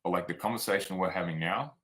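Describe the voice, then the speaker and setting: Speaking quickly in a low, pushed, bright voice over a rough recording, an Australian man tells stories as a guest on a casual interview. He's a performance coach, frank and plainspoken, sprinkling in "like" and "man."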